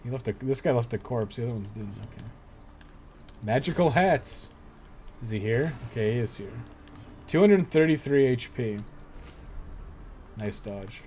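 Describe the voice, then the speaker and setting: A man's voice: mid-range voice, animated, normal speed, pauses often, mellow, a little hiss or hum. A young man playing a dungeon game on a live stream, muttering and swearing through casual commentary. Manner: laid-back, swears a lot, muttering asides.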